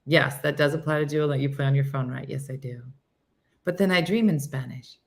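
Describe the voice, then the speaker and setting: A woman's voice: extremely low pitch, steady tone, a little fast, vocal fry. Chatty sixty-year-old woman host. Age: 60s. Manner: chatty and self-mocking, reading out comments by name. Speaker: show host. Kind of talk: casual chat reading viewer comments.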